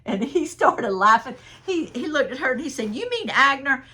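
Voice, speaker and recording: Expressive and sharp-toned, her voice sits high and moves at a moderate pace. She's a purse reseller doing a relaxed sales haul vlog, talking directly to viewers, laughing frequently and pricing each bag she shows.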